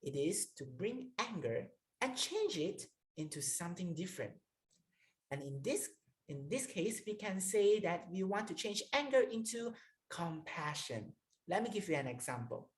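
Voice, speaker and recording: A woman coach giving a slow, guiding lesson on calming down and leading a breathing exercise. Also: lowish voice. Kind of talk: instructional talk.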